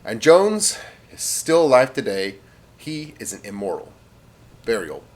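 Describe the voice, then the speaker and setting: Animated man telling a rambling tall tale. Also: mid-range voice, unhurried. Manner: animated, rambling, with fillers and sound effects. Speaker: storyteller. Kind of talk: casual comic storytelling.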